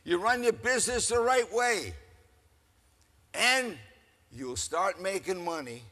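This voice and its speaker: An older man giving a keynote speech, telling stories in an animated, folksy way to a crowd. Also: high-pitched, slow pace. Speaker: keynote speaker. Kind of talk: storytelling speech. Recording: echoey hall.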